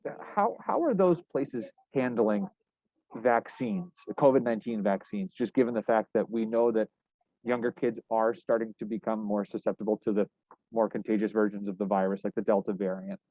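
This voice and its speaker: A man's voice: on the low side, no echo. Man interviewing over a tinny line. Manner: halting, many restarts and fillers. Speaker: news reporter. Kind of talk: casual interview. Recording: dry, tinny phone-like line.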